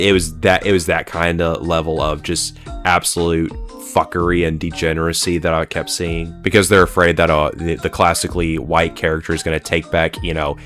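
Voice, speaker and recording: Speaking in a deep, slightly bright voice, a male pop culture commentator rambles through a solo video, swearing and leaning heavily on "like" and "uh."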